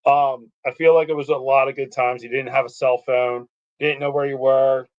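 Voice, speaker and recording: A man's voice: mid-range voice, normal speed. 30s guy on a podcast, rambly and chatty, kinda dull muffled audio. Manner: rambling, animated storytelling with many fillers. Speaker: guest. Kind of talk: casual podcast chat.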